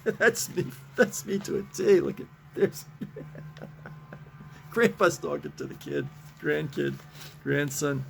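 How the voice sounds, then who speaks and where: An older man in his seventies with a gravelly, slightly high voice reads comic strips in a relaxed chat. He talks slowly, chuckles often and trips over restarts as he goes. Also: a little hiss or hum. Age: 70s. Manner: chuckling, rambling, halting restarts. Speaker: host reading comic strips. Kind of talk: casual chat.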